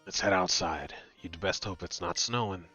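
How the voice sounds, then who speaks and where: A man reading the lines of an aloof young male snowboarder gym leader from a video game, quiet, flat and brooding. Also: low voice, moderate pace, slightly rough, muffled recording, soft background music, voice pushed down, full character voice. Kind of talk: reading game dialogue aloud.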